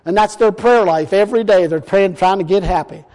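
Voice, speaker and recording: A man preaching a folksy, emphatic sermon, slowing down to quote scripture. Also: high voice, a little mellow, in a large hall.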